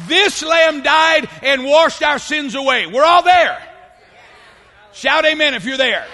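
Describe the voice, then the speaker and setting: A man preaching a fervent sermon to a congregation, often rising into shouts. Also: very high-pitched. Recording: long hall reverb.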